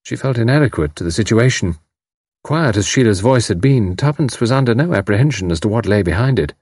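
Male audiobook narrator, low husky voice with lively intonation; measured. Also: no echo, studio quality.

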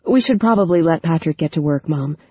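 A woman voicing Phoebe, a grown daughter speaking calmly and dryly in an audiobook. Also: sits low, a little fast, slightly rough, dry recording, lo-fi sound. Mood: restrained. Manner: dry, controlled, quietly firm.

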